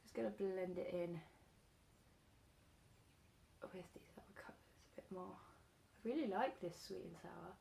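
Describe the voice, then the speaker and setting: A woman's voice: fairly low pitch, normal speed, gravelly, pauses often, slight background noise. Chatty girl doing her makeup on camera, rambling story, lots of likes and ums. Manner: chatty, animated storytelling with many fillers. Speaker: beauty vlogger. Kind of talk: casual chat while doing makeup.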